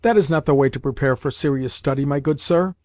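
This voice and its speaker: A man's voice: fairly high pitch, quick pace, darkish tone, dry recording, studio quality, lightly acted. A man voicing a stern, condescending male professor who speaks in a clipped, scolding way.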